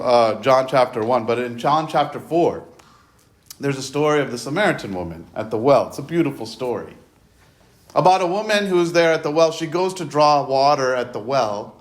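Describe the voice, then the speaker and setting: A man preaching a sermon in a conversational way, retelling scripture in his own words and often repeating himself and restarting. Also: on the high side.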